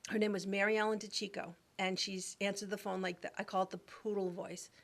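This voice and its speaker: A middle-aged woman on a talk show, telling stories in a lively, chatty way. She acts out the people in her anecdotes with different voices, in an easy, conversational manner. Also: medium pitch, a little fast, very noisy. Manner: animated storyteller who acts out voices. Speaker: guest, real estate agent. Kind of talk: casual interview storytelling.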